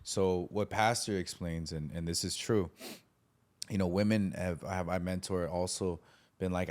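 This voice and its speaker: A lower-pitched man talking casually about faith and mentoring. He tells anecdotes with energy and briefly acts out the voices of other people in them. The delivery is conversational and unscripted. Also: steady tone, moderate pace, a little mellow.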